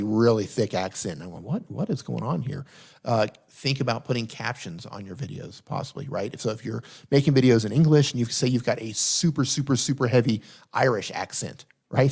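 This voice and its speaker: A host with a medium-pitched, somewhat mellow voice runs a live Q&A stream, with faint funk music in the background. Reading chat messages out loud, he coaches viewers about their channels and repeats points to drive them home.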